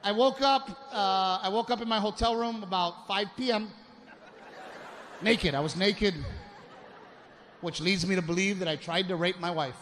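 A male stand-up comedian telling a story on a live stage, animated and loud, often stammering into restarts. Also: sits high, normal speed, pauses often. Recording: live show with crowd noise.

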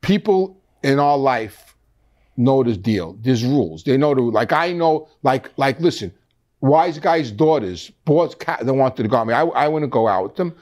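Being interviewed as a guest, this man in his 60s speaks at a normal speed in an expressive, medium-pitched, slightly mellow voice. He wanders through his story, restarting often and performing the voices he quotes.

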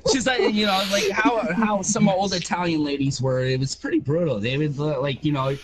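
A man's voice: high-pitched, a little slow, a loud crowd. A man chatting casually while gaming, telling rambling stories, swearing and laughing often. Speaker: game player. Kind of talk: casual gaming chat with storytelling.

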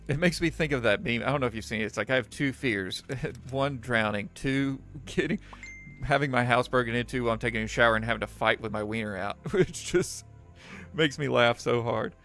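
A man's voice: medium pitch, normal speed, a bit bright, soft background music. A young man doing let's play commentary on a horror game, joking and sarcastic as he reads the game's text aloud. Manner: joking, sarcastic, laughs often. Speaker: gaming let's player. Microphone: desk microphone.

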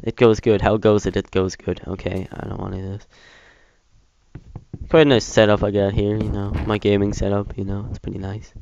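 A young man giving casual, chatty gameplay commentary as a Let's Play gamer, self-mocking and prone to excited outbursts. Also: fairly low pitch, fairly quick, gravelly, dull audio, slight background noise.

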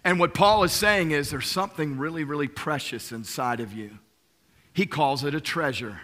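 A man's voice: fairly high pitch, very animated, measured pace, pushed and bright. A man preaching as lead pastor to a live congregation. He talks with emphasis, repeats key phrases and keeps asking the room questions. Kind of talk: sermon. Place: church sanctuary.

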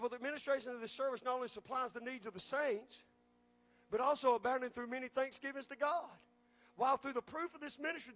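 A man preaching a sermon as pastor, calling out to the congregation and building to shouts. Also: extremely high pitch.

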